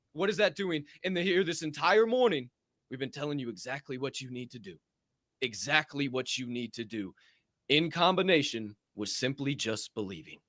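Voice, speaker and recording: A man's voice: a little high, sharp tone, no room sound, studio quality. A man co-hosting a motivational faith podcast, talking in an exuberant, playful, hype manner. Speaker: podcast co-host. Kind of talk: energetic faith-based motivational podcast talk.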